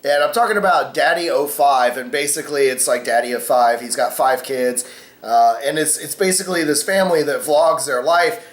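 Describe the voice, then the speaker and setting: A man's voice: medium pitch, normal speed, reverberant. A man hosting a casual opinion vlog, rambling with many fillers and cussing freely. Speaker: vlogger host.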